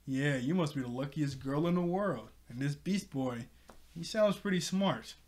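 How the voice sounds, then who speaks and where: A man voicing an ancient male sorcerer trapped in a book, soft and coaxing. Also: on the high side, normal speed, natural voice.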